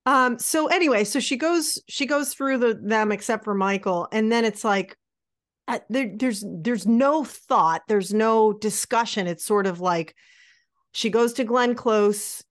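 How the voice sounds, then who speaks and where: A woman's voice: fairly high pitch, unhurried, no room sound, clean studio sound. A woman co-hosting a podcast, chatting casually and sarcastically about an old film. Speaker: podcast co-host.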